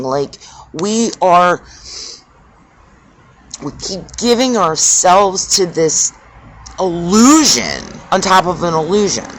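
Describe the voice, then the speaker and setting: Slow, swooping voice of a spiritual speaker. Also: mid-range voice, slight background noise. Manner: emphatic, preachy, swears freely; repeats phrases in drawn-out cadences. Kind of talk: impassioned spiritual monologue.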